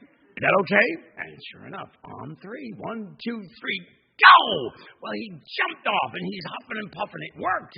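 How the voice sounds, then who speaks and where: A male minister giving a sermon, telling a folksy story with animated delivery in a church. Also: medium pitch, gravelly, lo-fi sound. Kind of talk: sermon with a joke. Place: church sanctuary.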